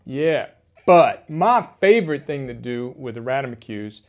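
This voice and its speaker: A man giving an energetic, playful drum lesson, calling out rudiment names between demos. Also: medium pitch, unhurried, a little hiss or hum. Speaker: drum educator.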